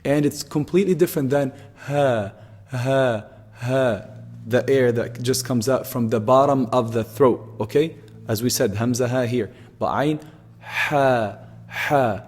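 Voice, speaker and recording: A man teaches pronunciation, slowly and patiently repeating each sound so learners can copy it. His voice sits at an ordinary middle pitch. The recording has a long, hall-like echo. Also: a little mellow, breathy edge. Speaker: Quran teacher. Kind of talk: pronunciation lesson.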